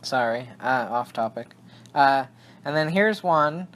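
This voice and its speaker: A man's voice: mid-range voice, animated, takes it slowly, long pauses, a bit bright. A young man co-hosting a casual podcast, rambling, cutting himself off mid-sentence and laughing often. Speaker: podcast co-host. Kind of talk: casual chat.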